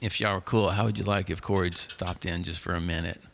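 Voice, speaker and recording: Male host, lowish gravelly voice, easygoing, faint hiss behind. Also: fairly even intonation, a little fast, a bit bright. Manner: laid-back, friendly, guides the segment. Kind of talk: casual live talk show chat.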